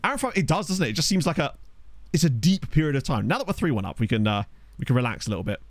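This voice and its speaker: A young man riffs over a football management game, chatting with his viewers as the match goes on. His pitch jumps all over the place when he gets excited. The sound is dry and close, like a desk microphone at home. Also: rapid-fire, no echo. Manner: chatty, excitable, reads chat aloud. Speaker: gaming streamer. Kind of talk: live gameplay commentary. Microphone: desk USB microphone.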